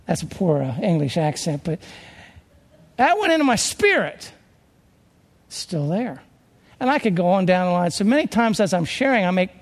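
A man's voice: sits high, in a large hall. A man preaching a conversational sermon, rambling a little and restarting his sentences as he works through scripture.

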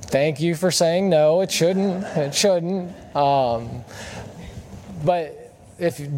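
A man's voice: fairly high pitch, darkish tone, a little hiss or hum. A man preaching a sermon in a friendly, conversational way, often asking the congregation questions. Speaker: guest preacher. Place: church service.

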